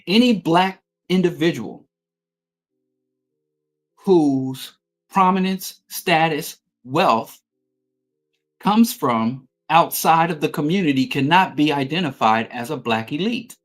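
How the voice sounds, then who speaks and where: A man's voice: on the high side, sing-song, takes it slowly, pauses often, a bit bright, faint music behind. A middle-aged man hosting a talk show, delivering an emphatic, profane political monologue. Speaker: podcast host.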